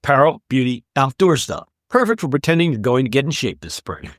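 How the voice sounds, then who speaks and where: A man's voice: mid-range voice, big pitch swings, a little fast, no room sound, clean studio sound. A man co-hosting a retail news podcast, reading the stories with wry, sarcastic asides in casual chat. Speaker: podcast co-host.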